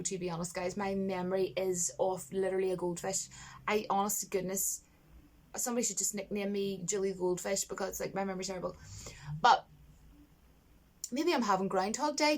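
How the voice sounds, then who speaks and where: A woman chatting to camera about a film she loves, gushing and animated, laughing often and mimicking lines in a higher voice. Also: brisk. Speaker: vlogger reviewing a film. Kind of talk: casual chat to camera.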